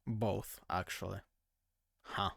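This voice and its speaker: Slow-talking streamer giving laid-back reactions. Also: male voice, deep voice, steady tone, vocal fry, a bit bright, no echo. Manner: casual, laid-back asides with laughs and swearing. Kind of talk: live reaction commentary.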